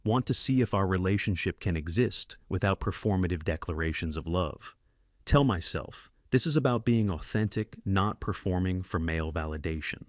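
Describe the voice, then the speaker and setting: Low-voiced man reading clipped story narration. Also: expressive, moderate pace, no room sound, studio quality. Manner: terse, clipped sentence fragments. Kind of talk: scripted narration of a first-person story.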